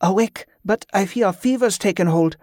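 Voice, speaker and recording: A woman's voice: mid-range voice, moderate pace, warm tone, dry recording, studio quality, voice pushed up, lightly acted. A reader voicing a concerned young woman nursing her feverish husband, raising the voice for her. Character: caring young woman tending a sick husband.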